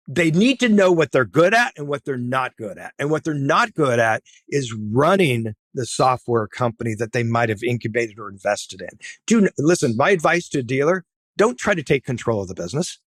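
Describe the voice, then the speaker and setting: A middle-aged man speaks as a podcast guest, pressing his points with blunt, emphatic advice and tagging his sentences with "right?". His voice sits at an ordinary pitch. The sound is close and dry, with no room around it. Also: fairly bright tone, no echo. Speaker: podcast guest, tech entrepreneur. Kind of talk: casual interview talk.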